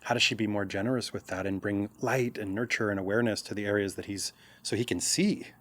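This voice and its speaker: A man's voice: on the low side, fast talker. A man speaking as a podcast guest and coach, talking casually and acting out little quoted reactions. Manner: animated, acts out quoted reactions. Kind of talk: casual conversational interview.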